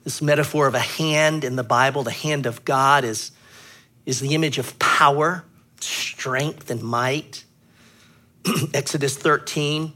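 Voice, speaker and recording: A man preaching a sermon as a pastor, teaching earnestly, clearing his throat often and pressing hard on key words. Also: medium pitch, fairly even intonation, a little slow, pushed and bright.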